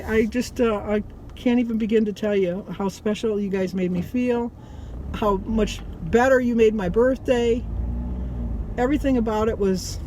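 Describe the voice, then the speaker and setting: A woman's voice: a little high, mellow, rough recording. A woman in her sixties, talking in a rambling, heartfelt way as she vlogs from her car, tearful at times. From United States. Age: 60s. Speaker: vlogger. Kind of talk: emotional casual vlog. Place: in a car stopped in traffic. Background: traffic and outdoor noise.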